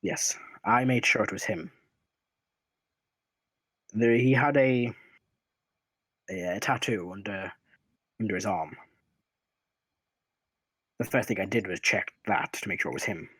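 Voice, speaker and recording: A low, husky male voice runs a tabletop game, answering questions in character. He talks in halting, hesitant bursts. The sound is close and dry. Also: fairly bright tone, no room sound, rough recording. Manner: halting, plays NPCs in his own voice. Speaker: dungeon master.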